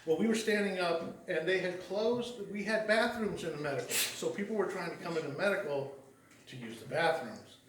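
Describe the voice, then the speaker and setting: A man's voice: high voice, moderate pace, slight background noise. Folksy man preaching in an echoey church. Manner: folksy, rambling, frequent restarts and repeated words. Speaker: lay preacher. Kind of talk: conversational sermon with storytelling. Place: church sanctuary. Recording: echoey church hall heard from a distance.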